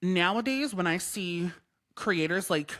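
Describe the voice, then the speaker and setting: A man's voice: high-pitched, animated, measured pace, pushed and bright. A man hosting a casual podcast chat, talking emphatically and repeating his points for stress. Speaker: podcast host.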